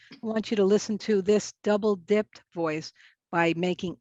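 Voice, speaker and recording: A woman speaks in a middle-pitched voice, giving a conference presentation as a speech pathologist. Her delivery is casual and chatty, and she often backtracks to fix her words. The sound is dry and a little dull. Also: fairly even intonation, moderate pace, a little mellow, no echo. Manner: casual, chatty, self-correcting.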